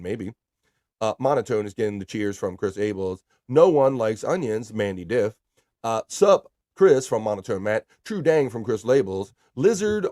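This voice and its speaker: A man hosting a casual livestream, reading viewer comments aloud and shouting out chatters by name in a loose, profane way. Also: mid-range voice, no echo, clean studio sound. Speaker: livestream host.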